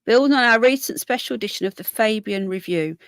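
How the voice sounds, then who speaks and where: Her voice is a little high and brisk, captured on a dry recording. She's a tired, yawning livestream host chatting casually, reading comments, and stopping between points to talk to her pets.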